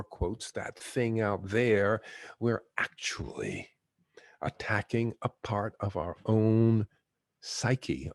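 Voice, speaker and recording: A man hosts a guided-imagery talk, telling teaching stories in a gentle, unhurried way. His voice is low, gravelly and husky. The sound is close and dry. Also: no room sound. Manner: gentle, unhurried, chuckling storyteller.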